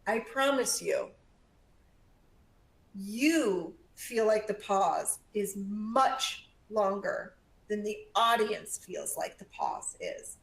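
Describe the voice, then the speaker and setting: A woman coaching a live audience on public speaking, energetic and emphatic, shifting her volume and pace and leaning on pauses. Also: medium pitch, creaky. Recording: echoey room.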